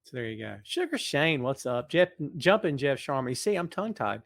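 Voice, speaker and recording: Speaking into a mic set in front of a camera, this middle-aged man hosts a casual live stream in a large empty building. He greets and teases viewers by name, then shifts to an earnest, serious appeal; his medium-pitched voice is sing-song, a little fast, with vocal fry and no echo.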